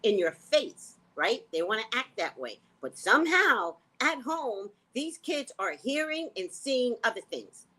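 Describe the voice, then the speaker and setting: A woman hosting a casual livestream, talking to her viewers in a blunt, profane, animated way. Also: a little high, unhurried, few pauses, low-quality recording. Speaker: psychic reader and livestream host.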